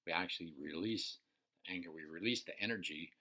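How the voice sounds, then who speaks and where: Deep-voiced man teaching, tense bright tone. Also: fairly quick. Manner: casual and profane, keeps asking "right?". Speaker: personal development coach. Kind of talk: unscripted teaching talk.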